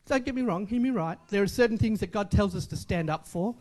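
A man's voice: high voice, fast, darkish tone. A man preaching a sermon in a conversational way, repeating short phrases for emphasis and asking the congregation questions. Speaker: pastor.

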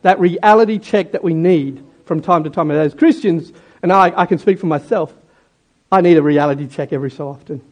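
A man's voice: fairly high pitch, a little fast, darkish tone. A man preaching a sermon in a jokey, conversational way and talking directly to his congregation. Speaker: pastor.

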